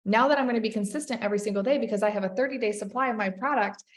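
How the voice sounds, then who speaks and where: A woman leading a sales team, giving an energetic motivational talk and calling her listeners "you guys". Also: medium pitch, very fast, roomy sound. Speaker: network marketing team leader.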